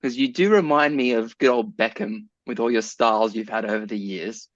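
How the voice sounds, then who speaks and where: A man's voice: lowish voice, a little fast, dry recording, highs cut off. A man co-hosting a podcast in casual chat, joking around, laughing often and asking questions. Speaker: podcast co-host.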